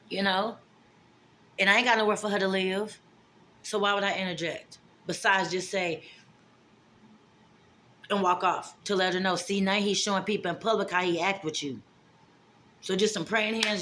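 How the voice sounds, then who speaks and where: A woman, telling a story in a casual vlog and acting out the dialogue with big jumps in her voice. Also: a little hiss or hum. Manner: animated, acts out dialogue with big pitch jumps. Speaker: vlogger.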